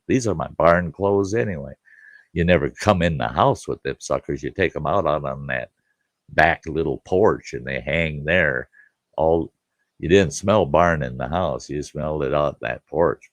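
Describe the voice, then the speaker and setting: A middle-aged storyteller host tells a rowdy childhood farm story in a folksy, casual way, often laughing through his own tale. His voice is a rumbling low with vocal fry, and there's no room sound.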